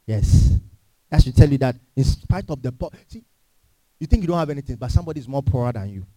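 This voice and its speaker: A man's voice: medium pitch, lively intonation, quick pace, warm tone, no echo. A man preaching a sermon in a church, emphatic and full of rhetorical questions to the congregation. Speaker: pastor.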